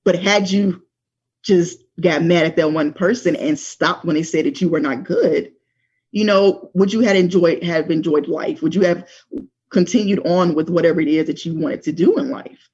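A woman's voice: lowish voice, moderate pace, a little mellow, breathy edge, lo-fi sound. A woman hosting a podcast, giving reflective advice in a thoughtful way. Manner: thoughtful, many "you know" fillers. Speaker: podcast host.

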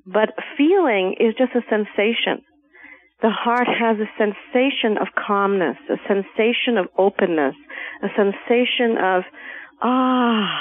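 A woman guest on a spiritual talk show, explaining ideas in a calm, measured way and sometimes playfully acting out voices. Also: mid-range voice. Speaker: guest speaker. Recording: phone-like narrow sound.

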